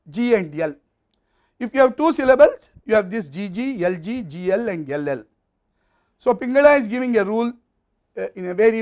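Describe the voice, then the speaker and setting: A man with a high voice and an Indian English accent delivers a recorded lecture. He explains step by step at a measured pace, his phrases trailing off softly at the ends.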